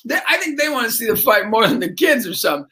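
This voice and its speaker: A man's voice: very high voice, sing-song, fast talker. A middle-aged man, a motivational speaker and basketball coach, telling a story with lots of energy and acting out the voices of the people in it. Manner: acts out voices in his stories, shouting and laughing. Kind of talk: animated storytelling.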